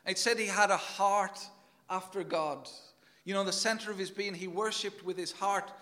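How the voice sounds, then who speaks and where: A man's voice: high-pitched, steady tone, moderate pace, sharp tone. A man preaching a sermon in an earnest, emphatic way, often repeating words as he goes.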